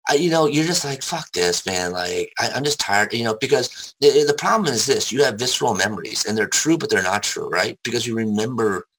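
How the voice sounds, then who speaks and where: A man telling his life story in casual conversation, candid and rambling, swearing freely, with a gravelly, husky voice. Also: mid-range voice, expressive, a little fast, few pauses, a bit bright, rough recording.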